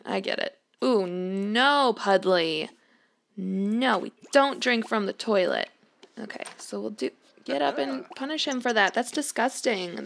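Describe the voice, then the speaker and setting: At home, a woman plays a life-sim game and chats casually in a mid-range, creaky voice. She giggles often and talks to the characters on screen as a let's-play streamer.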